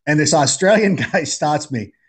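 A man chatting as a podcast guest, telling jokey stories in an animated way. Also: a little high, normal speed, slightly rough. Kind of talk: casual storytelling chat.

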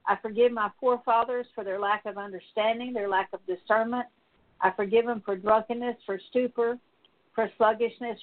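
A woman praying aloud as a minister, leading a spoken prayer of confession as a steady litany of repeated petitions. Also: mid-range voice. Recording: tinny phone-like sound.

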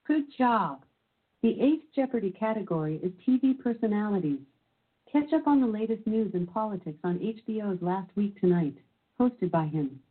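Synthetic lady voice reading trivia clues, kinda husky, tinny like a phone. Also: mid-range voice, lively intonation, moderate pace. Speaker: quiz game voice assistant. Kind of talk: synthesized quiz clue reading.

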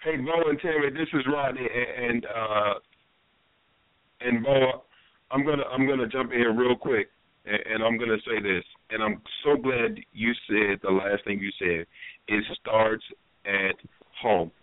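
A man's voice: mid-range voice, a little slow, smooth, no echo. Emphatic male co-host on a phone line. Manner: emphatic, jumps in with firm statements. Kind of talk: talk radio discussion.

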